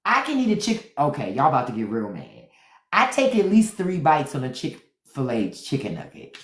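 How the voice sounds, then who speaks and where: A woman's voice: very deep voice, wildly swooping pitch, moderate pace. A woman hosting a live stream in casual chat, candid and laughing, swearing freely. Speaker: livestream host. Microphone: phone during a live stream. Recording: echoey room.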